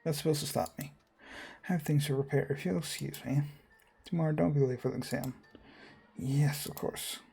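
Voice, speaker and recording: A man reading visual novel dialogue aloud, quick and stumbling, often restarting words. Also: fairly high pitch, steady tone, creaky, mellow, faint music behind. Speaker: gamer voicing a visual novel.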